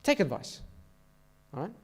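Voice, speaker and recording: A man giving a sermon to a youth meeting in a church, telling stories and often checking in with "okay?" and "all right?". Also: measured pace.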